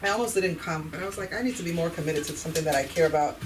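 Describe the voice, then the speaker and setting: A woman talks casually to a small group, chatty and self-deprecating. She is heard from a distance. Steady noise sits under her voice. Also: deep voice, very fast. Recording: distant mic with noticeable room noise.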